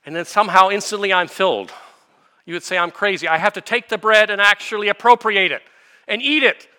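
A man preaching a sermon, explaining scripture with everyday illustrations and rhetorical questions, swinging from quiet asides to fervent emphasis. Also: high voice, brisk, smooth. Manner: expository preaching, builds to impassioned emphasis then drops to quiet. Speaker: pastor.

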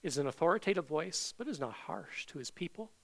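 A middle-aged man preaching a sermon from Canada, earnest, swinging between loud proclaiming and soft, intimate tones. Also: a little high, animated, fast talker, gravelly. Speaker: pastor.

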